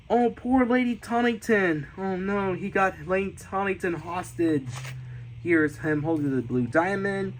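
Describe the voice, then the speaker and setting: A man giving a casual tour of his sketchbooks, enthusiastic, often repeating and restarting, with sudden excited squeals. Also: on the high side, a little hiss or hum, poor audio. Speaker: artist showing his sketchbooks.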